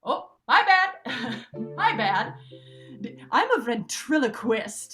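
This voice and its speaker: Playful female improviser, bouncy pitch, high register, video call. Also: sing-song, slow pace, faint music behind. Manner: loud, giggly, playful. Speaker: improv player. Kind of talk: improv comedy scene.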